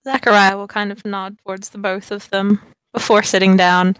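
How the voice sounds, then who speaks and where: A woman's voice: mid-range voice, moderate pace, clean tone, dry recording. A young woman at a tabletop game, talking in a loose, chatty way full of fillers and asides. Her voice sits in a middle register, and it sounds dry and close, with no room around it. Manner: chatty, rambling with fillers, bursts into excited squeals. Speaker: player. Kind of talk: casual tabletop role-play.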